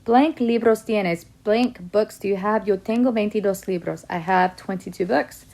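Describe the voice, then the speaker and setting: A woman's voice: mid-range voice, normal speed, a little mellow. A woman teaching a Spanish lesson to her students, reading out example sentences and explaining each answer step by step. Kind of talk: classroom lesson video.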